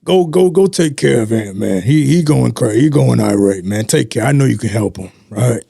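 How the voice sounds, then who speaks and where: A man's voice: mid-range voice, lively intonation, normal speed, creaky, mellow, husky, dry recording, clean studio sound, exaggerated voice. A man putting on the voice of a big, heavy-set male shelter supervisor who urges a colleague to act. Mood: urgent.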